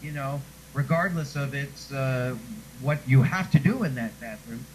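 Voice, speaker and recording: A man's voice: medium pitch, a little slow, a little hiss or hum, low-quality recording. A man being interviewed who once read radio news, telling chatty stories and laughing often. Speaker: guest; former radio newscaster. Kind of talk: casual chat.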